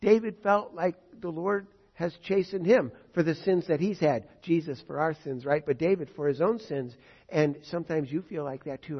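A man's voice: fairly high pitch, normal speed. Man preaching from scripture, lo-fi sound. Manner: reads scripture verses and paraphrases them in plain words, with rhetorical questions. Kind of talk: sermon.

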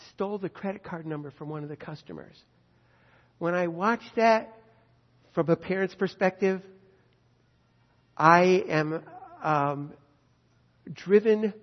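A man preaching a sermon, earnest and emphatic, slowing down on key phrases. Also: sits high, gravelly. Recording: dull sound with long hall reverb.

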